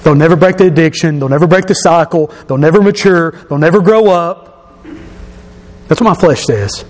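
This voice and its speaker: A pastor preaching a sermon to his congregation, emphatic and rising to shouts at his key points. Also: on the high side, moderate pace. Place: church sanctuary. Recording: long reverb of a church hall.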